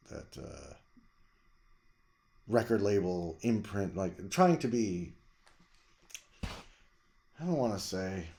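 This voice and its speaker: A man's voice: deep voice, vocal fry. Rambling middle-aged man raving about records. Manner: rambling, enthusiastic, with jumps to loud emphasis. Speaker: vlog host reviewing records. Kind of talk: casual record-collection chat.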